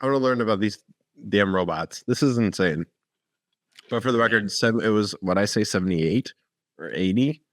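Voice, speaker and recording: A man's voice: lowish voice, normal speed, no room sound, studio quality. A man co-hosting a podcast in casual chat, laughing often and spinning rambling hypotheticals. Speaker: podcast co-host.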